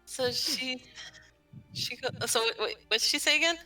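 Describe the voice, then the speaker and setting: A woman player in a tabletop game, slowly describing her character's reactions between fillers. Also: high voice, bright, forceful tone. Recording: distant mic, faint music behind.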